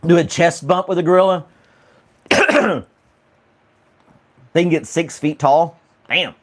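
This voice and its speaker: A man's voice: on the high side, slow pace, fairly bright tone. A man hosting a casual chat stream, laughing often and rambling through questions to his viewers. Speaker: livestream host reading chat.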